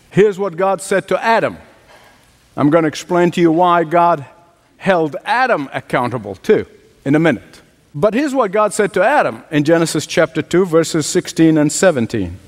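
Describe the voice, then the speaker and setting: A man preaching a sermon, emphatic and direct, often dropping to a low, quiet voice for effect. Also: long reverb tail. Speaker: pastor.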